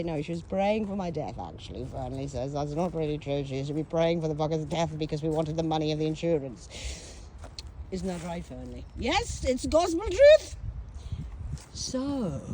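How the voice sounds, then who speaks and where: Over slight background noise, an Englishwoman with a low, mellow voice tells her own life story as a casual monologue. She plays it theatrical and sardonic, swearing, acting out voices, breaking into song, and making self-mocking asides.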